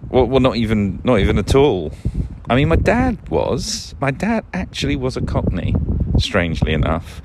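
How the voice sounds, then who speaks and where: A man's voice: medium pitch, sing-song, moderate pace. A man hosting a casual solo podcast, rambling and wry, often breaking off and restarting his sentences. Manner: rambling, self-interrupting, wry. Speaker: podcast host. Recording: noisy background.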